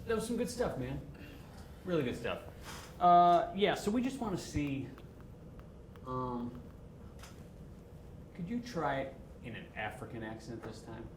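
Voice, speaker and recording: A man's voice: mid-range voice, lively intonation, measured pace, pauses often, echoey room, slight background noise, close to an everyday voice. An actor playing a dismissive, mocking male casting director in a short film. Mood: condescending. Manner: condescending, mocking. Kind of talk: film dialogue.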